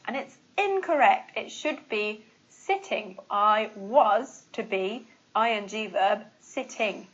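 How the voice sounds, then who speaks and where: A young woman with a British accent, giving a casual English lesson to camera in a chatty, expressive way. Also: mid-range voice, highs cut off. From Britain. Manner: chatty and expressive, quick laughs, playful mock examples. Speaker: English teacher.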